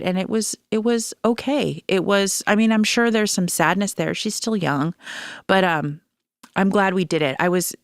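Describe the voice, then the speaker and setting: A woman's voice: fairly low pitch, smooth, no echo, studio quality. A middle-aged woman hosting a solo podcast, talking candidly in a rambling way with frequent restarts. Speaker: podcast host. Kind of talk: casual solo podcast talk.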